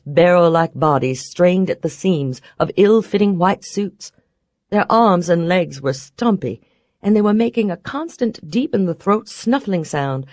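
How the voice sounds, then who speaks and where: A woman narrating a first-person story in a wry, expressive way. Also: lowish voice, no echo, studio quality. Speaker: audiobook narrator.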